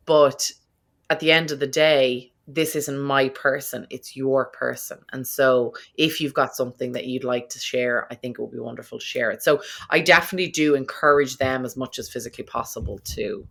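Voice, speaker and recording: A woman hosting a podcast who works in funeral service, chatting in a lively way and often acting out her own past remarks as quotes. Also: extremely low pitch, normal speed. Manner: animated storyteller who quotes herself. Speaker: podcast host and funeral professional. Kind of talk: casual interview chat. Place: New York.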